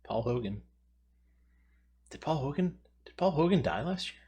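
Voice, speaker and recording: This trivia video host offers casual commentary on quiz questions, rambling and thinking aloud as he tries to remember. His voice is fairly high yet dark and husky, expressive, at a moderate pace.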